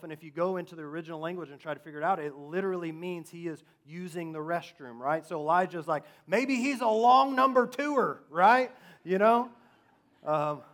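A man preaching a sermon, asking rhetorical questions and swinging between loud emphasis and hushed asides. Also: a little high.

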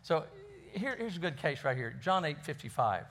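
A man's voice: fairly high pitch, sing-song, moderate pace, fairly bright tone. A man who is a pastor, preaching a conversational sermon in a folksy way and often repeating words as he finds his phrasing.

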